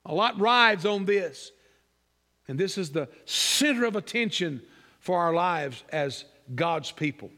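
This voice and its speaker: Bright-voiced preacher man in reverb. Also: animated, slow pace. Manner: emphatic preaching, rising on repeated phrases and dropping low and quiet on asides. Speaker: pastor. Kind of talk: sermon.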